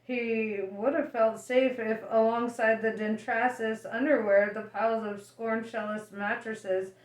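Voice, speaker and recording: A woman reading a novel aloud as an audiobook reader, lively and expressive. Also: a little high, measured pace. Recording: echoey room.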